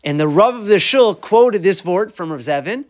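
A man's voice: sits high, lively intonation, moderate pace. A middle-aged man teaching a weekly Torah class in a conversational way, asking rhetorical questions and mixing in Hebrew and Yiddish terms.

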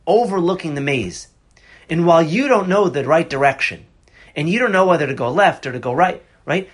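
Husky earnest man teaching Torah. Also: on the high side, a bit bright. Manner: earnest, conversational with bursts of passion. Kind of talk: Torah class on a psalm.

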